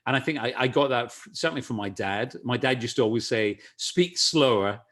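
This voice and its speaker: A man's voice: mid-range voice, fast, fairly bright tone. A middle-aged man from Scotland with a Scottish accent, chatting as an interview guest, with many restarts and easy laughs. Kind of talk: casual video-call interview.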